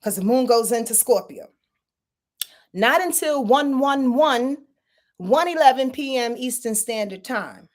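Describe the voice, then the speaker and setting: A woman with a high, expressive voice hosts an astrology channel, delivering a casual spoken forecast at an unhurried pace. She's chatty and profane, often laughing at herself.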